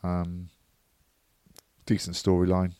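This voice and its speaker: A man's voice: low voice, monotone, slow pace, warm tone, no echo. A man co-hosting a podcast, talking in a laid-back, chatty way. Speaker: podcast co-host. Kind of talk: casual chat.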